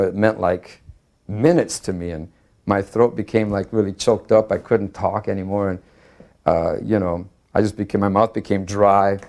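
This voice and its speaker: An older man reminiscing in an interview, earnest and halting, with many fillers as he recalls a memory. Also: lowish voice, a little mellow. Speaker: devotee sharing memories.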